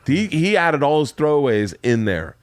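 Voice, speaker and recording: A man hosting a podcast, telling stories in an animated way and laughing often. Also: a little high, moderate pace, no room sound. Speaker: podcast host. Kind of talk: casual podcast chat.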